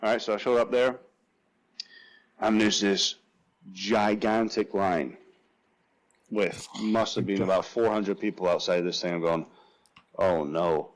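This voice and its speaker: A man's voice: low-pitched, unhurried, long pauses, low-quality recording. A young Scottish man, a football punter and guest, telling stories in a casual chat, laughing often and acting out what others said. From Scotland. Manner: animated storyteller, laughs often, acts out quotes.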